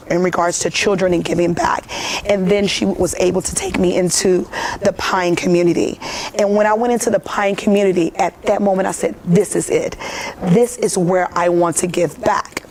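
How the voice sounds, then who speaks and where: Earnest female TV guest, gravelly voice, faint hiss behind, moved while telling her story. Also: lowish voice, a little mellow. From United States. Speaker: foundation founder, guest. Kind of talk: morning TV interview.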